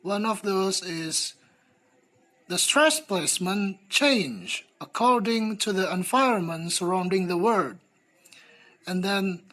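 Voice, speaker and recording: Young woman student reading her class talk, slow and careful, little grammar slips. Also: mid-range voice, a bit bright, rough recording. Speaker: student presenter.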